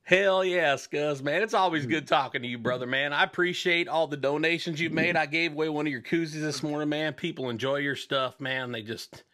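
A man hosting a radio show with a slightly higher voice, talking loosely and profanely. He rambles through a crude joke and voices its characters as he goes. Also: a little fast, few pauses, bright, forceful tone. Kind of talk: casual crude joke-telling chat.

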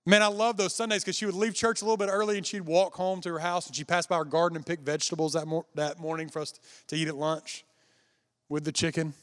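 A pastor with a fairly high-pitched voice delivers a sermon fast and flatly. He tells a personal story conversationally, addressing the congregation directly.

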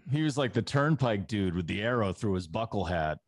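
A man co-hosting a podcast, chiming in with wry, deadpan jokes during casual banter. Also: fairly low pitch, fairly quick, no echo, clean studio sound. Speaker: podcast co-host.

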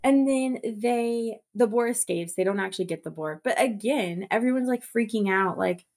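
Woman cohost rambling about a book, lively, does little voices for the characters. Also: on the high side. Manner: animated, acts out characters' lines in quick voices. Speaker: podcast co-host. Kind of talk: casual book chat.

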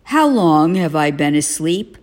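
A woman voicing a sleepy, grumpy male toad in a children's storybook read-aloud, grumbling low and reluctantly. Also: big pitch swings, measured pace, darkish tone.

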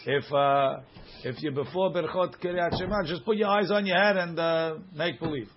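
A man teaching a religious law class, reading source text quickly and then explaining it casually to students, in a dull lo-fi recording. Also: a little high, noisy background.

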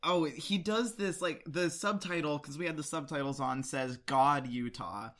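A man's voice: fairly high pitch, moderate pace, a bit bright. A man joining a casual podcast chat about a film, adding dry corrections and background facts. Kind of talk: casual movie-discussion chat.

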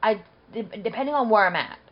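A woman's voice: mid-range voice, expressive, a little fast, highs cut off. A woman co-hosting a podcast, reading quiz questions and giving short answers. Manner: reads quiz questions, brief replies. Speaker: podcast co-host. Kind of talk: casual chat.

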